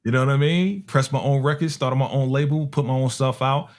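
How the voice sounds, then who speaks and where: A middle-aged man tells stories in a loose, slangy way. His voice sits at an ordinary pitch, and he keeps things animated, slipping into other people's voices when he quotes them. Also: a little fast. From Harlem, New York. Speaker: music producer telling stories on a talk show. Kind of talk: casual storytelling chat.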